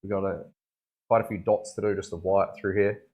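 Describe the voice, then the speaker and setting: This young tattoo artist has a low, steady, darkish voice and speaks a little fast. He keeps up casual livestream chatter as he works, often laughing and thanking viewers.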